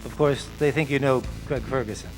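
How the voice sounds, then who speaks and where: A man's voice: medium pitch, a little fast, faint music behind, low-quality recording. Dry-witted man chatting on a panel. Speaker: panel guest, voice actor. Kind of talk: casual panel banter.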